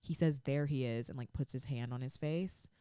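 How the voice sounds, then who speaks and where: Low-voiced woman gushing about a show. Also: moderate pace, dark tone, clear, resonant tone, no room sound, studio quality. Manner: gushing, emotional recap with many "like" fillers. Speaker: podcast co-host. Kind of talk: casual fan chat.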